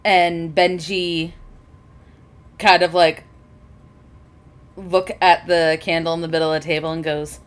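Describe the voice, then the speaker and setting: Slow, low-voiced woman game master. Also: little pitch movement. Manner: casual, laughing, swears freely. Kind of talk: narrating a tabletop game.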